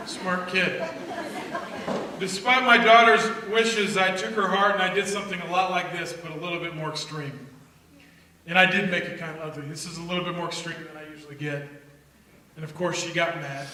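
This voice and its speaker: A middle-aged man telling a storytelling sermon to a church gathering and acting out family dialogue in a lively way. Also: high voice, moderate pace, pauses often. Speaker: speaker at a church youth gathering. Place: church hall. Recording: echoey hall from far off, faint noise.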